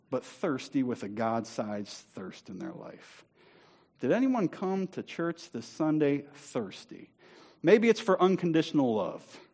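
A man preaching a sermon in a church, speaking emphatically and slowing down to stress key words. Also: mid-range voice. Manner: emphatic, rising to near-shouting on scripture. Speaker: pastor. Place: church sanctuary.

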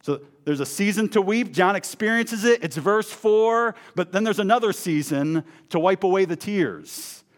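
A man preaching a sermon, swinging between emphatic proclamation and hushed, low intensity, with chatty asides and repeated words. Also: expressive, normal speed, few pauses. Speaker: pastor.

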